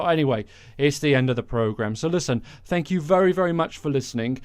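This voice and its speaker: A man hosting a podcast with blunt, sarcastic, sweary commentary. His voice sits somewhat high. The recording is dry and close, with no room sound. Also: animated, fast, few pauses, smooth, no echo. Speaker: podcast host. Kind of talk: sweary comic monologue.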